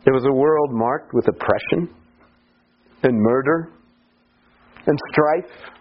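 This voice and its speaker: A man preaching a sermon slowly and deliberately, his voice climbing to pleading cries when he quotes the psalms. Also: mid-range voice, highs cut off.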